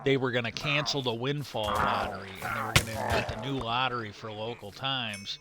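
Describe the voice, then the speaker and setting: A man's voice: mid-range voice, a little fast, heavy background noise. A middle-aged man chatting casually on a live stream while gaming, retelling a story in a rambling, stop-start way.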